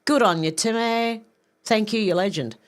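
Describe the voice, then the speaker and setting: A woman hosting a live stream, reading viewer comments aloud and reacting with quick asides. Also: mid-range voice.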